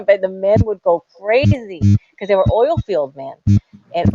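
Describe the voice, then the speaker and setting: A woman from West Texas co-hosting a podcast in casual chat, animated as she tells stories and acts out the voices in them. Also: mid-range voice, a little fast. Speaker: co-host. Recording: dull lo-fi audio with music behind.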